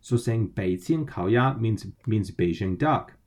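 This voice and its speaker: Speaking a little slowly, this language podcast co-host has a lowish, darkish, animated voice. He walks patiently through Mandarin phrases and spells each syllable's pinyin out letter by letter.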